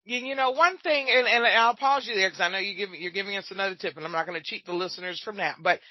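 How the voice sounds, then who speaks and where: A woman's voice: mid-range voice, fast talker, no room sound, highs cut off. A woman hosting a podcast interview, chatty and often affirming her guest. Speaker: podcast host and business coach.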